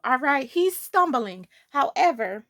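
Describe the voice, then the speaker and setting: A woman vlogger telling a school story in a dramatic, animated way, talking straight to her viewers. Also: sits high, slow pace.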